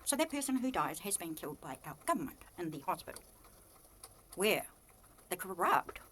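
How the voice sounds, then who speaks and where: A woman with a New Zealand accent speaking in an impassioned, accusatory monologue to camera. She swings from low muttering to loud, heated outbursts. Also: sing-song, moderate pace, a little hiss or hum. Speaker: vlogger.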